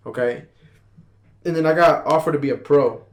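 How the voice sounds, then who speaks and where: A young man, a podcast guest, telling a long personal story in casual chat, rambling and animated and tossing in "bro" all the time. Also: on the high side, moderate pace.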